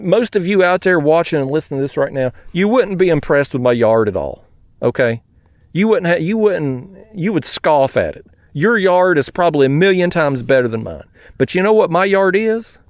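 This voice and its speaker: A man's voice: a little high, no room sound, studio quality. A man hosting a fishing vlog, telling a story in a fired-up, profane rant while fishing outdoors from a kayak. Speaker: fishing channel host.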